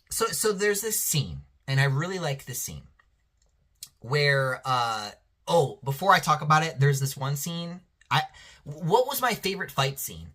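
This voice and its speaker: A male reviewer chats loosely about a show, swearing freely and circling back with restarts and fillers. His voice is bright and edgy. His pitch rises and falls in lively swings. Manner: rambling, profane, lots of restarts and fillers. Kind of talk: casual review chat.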